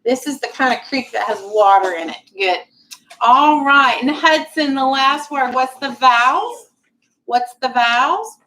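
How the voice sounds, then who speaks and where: A woman teaching phonics in a classroom, her voice high and bright. She talks slowly and patiently, drawing out each explanation so young students can follow. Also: animated, a little hiss or hum, low-quality recording. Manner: patient, clear, drawn-out instructional speech.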